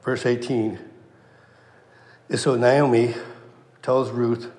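A man preaching an expository sermon, reading scripture and acting out the characters in lively everyday paraphrase. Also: mid-range voice, measured pace, long pauses. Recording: echoey hall with long reverb.

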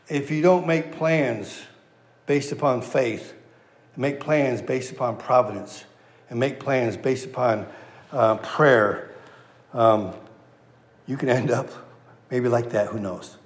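A man's voice: mid-range voice, takes it slowly, pauses often, reverberant. A man delivering a sermon in an easy, folksy style. He leans on repeated phrases to drive points home. His voice tends to fall away at the close of each phrase. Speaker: pastor. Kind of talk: sermon with a joke.

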